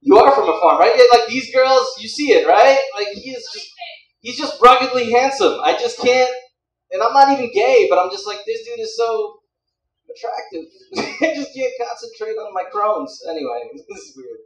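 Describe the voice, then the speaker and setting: Rambling young comedian in a roomy club. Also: male voice, very high voice, lively intonation, moderate pace. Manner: rambling, crowd-teasing. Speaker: stand-up comedian. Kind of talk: stand-up comedy. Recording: roomy club sound from a distance.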